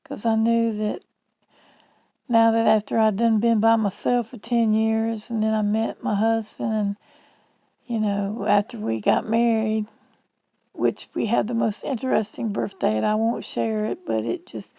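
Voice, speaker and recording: A middle-aged Southern woman talking to her phone in a loose, rambling vlog, folksy and chatty. Her voice sits a little high and is heavily gravelly with vocal fry. The sound is dry and close, with almost no room around it. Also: little pitch movement, a little slow, warm tone, dry recording, poor audio. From Southern United States. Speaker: vlogger. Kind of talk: rambling casual monologue.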